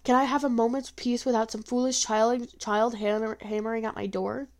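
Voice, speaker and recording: A woman's voice: a little high, steady tone, moderate pace, lightly acted. A woman reading aloud, voicing a stern, harsh-voiced old woman healer who scolds curtly. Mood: scolding. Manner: scolding, curt.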